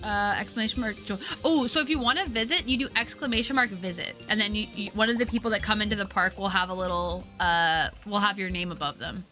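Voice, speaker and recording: A woman in her twenties chatting casually while streaming a game, talking in a giggly, upbeat voice she keeps high out of long habit from customer service. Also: fast talker, few pauses, sharp tone, soft background music. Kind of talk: casual chat while gaming.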